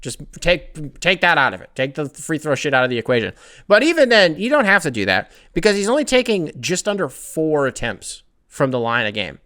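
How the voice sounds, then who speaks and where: A man's voice: on the high side, very animated, brisk, sharp tone. A young man hosting a sports podcast, ranting casually with profanity, rambling asides and self-corrections.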